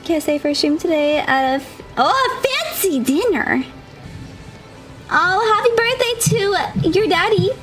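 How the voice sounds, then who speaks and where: A woman's voice: very high-pitched, lively intonation, unhurried, fairly bright tone, faint music behind. A woman game streamer chatting casually with her viewers, bubbly and chatty, laughing often.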